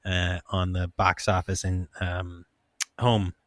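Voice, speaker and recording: A man's voice: deep voice, little pitch movement, slow pace, fairly bright tone, dry recording. A man hosting a casual podcast, reading a plot recap with joking, profane asides. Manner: joking, swears freely, loose asides. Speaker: podcast host.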